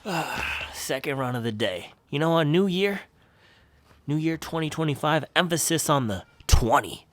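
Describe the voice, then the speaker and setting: A man's voice: on the high side, animated, normal speed, a bit bright. A young man chatting casually in a vlog as a running shoe reviewer, playful and rambling with jokey slang.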